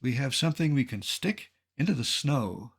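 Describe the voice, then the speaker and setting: Gravelly older man, deadpan narrator. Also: mid-range voice, moderate pace. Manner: dry, deadpan humor. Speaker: mountaineer narrating a slideshow. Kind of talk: scripted narration.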